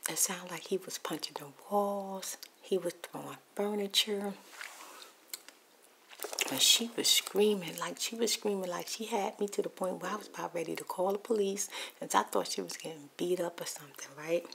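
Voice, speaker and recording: A woman's voice: fairly low pitch, moderate pace, creaky, noisy background. A woman whispering a rambling ASMR storytime while eating popcorn, with crunching clicks in the background. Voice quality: mostly whispered, soft-spoken. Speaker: ASMR YouTuber.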